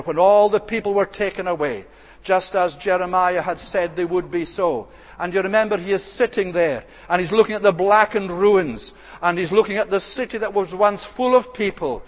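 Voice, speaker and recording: A man preaching an expository sermon, measured and earnest, slowing down to dwell on quoted scripture. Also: high-pitched, long reverb tail.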